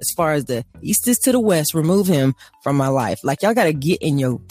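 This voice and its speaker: A woman's voice: low-pitched, very animated, fairly quick, darkish tone, slightly rough, no echo, faint music behind. A woman co-hosting a faith talk show, ranting emphatically and acting out little dialogues. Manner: emphatic, acts out dialogues, laughing asides. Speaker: co-host. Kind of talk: animated faith talk, preaching rant.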